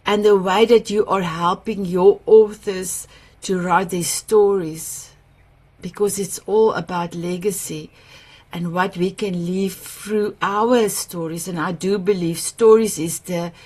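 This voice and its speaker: A woman's voice: medium pitch, fairly even intonation, takes it slowly, darkish tone. South African woman, gushing and emotional. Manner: emotional, laughs often, gushing and affectionate. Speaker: summit host. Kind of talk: heartfelt personal sharing on a live video call.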